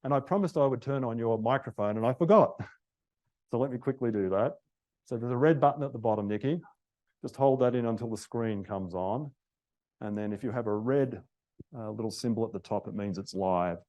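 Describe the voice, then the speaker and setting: A man's voice: medium pitch, brisk, darkish tone, muffled recording. A man hosts a seminar panel and moderates it politely. He introduces each topic in an orderly way and hands the questions to his panelists. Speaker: host, real estate agent.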